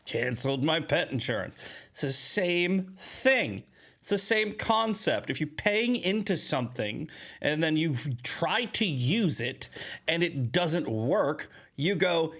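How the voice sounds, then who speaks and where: A man hosting a casual live-stream commentary, rambling and blunt, often jumping into loud, high mocking voices. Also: lively intonation, unhurried. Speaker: political commentary host.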